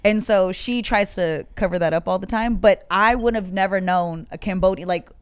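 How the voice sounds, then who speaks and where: A woman co-hosting a podcast who works in radio. She tells stories in an animated, lighthearted way. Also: medium pitch, normal speed, smooth, no room sound. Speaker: podcast co-host, radio personality. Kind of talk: casual podcast chat.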